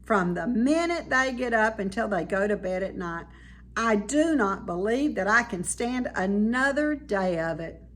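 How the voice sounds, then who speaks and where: A woman voicing a tired mother who speaks in a low, calm voice, worn out by her children's fighting. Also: a little slow. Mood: weary. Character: weary mother, worn out by quarreling.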